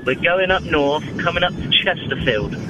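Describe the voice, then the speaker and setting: A man's voice: on the high side, animated, moderate pace, muffled recording, music in the background. Male caller phoning in from his car. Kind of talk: phone-in chat. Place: car on a motorway.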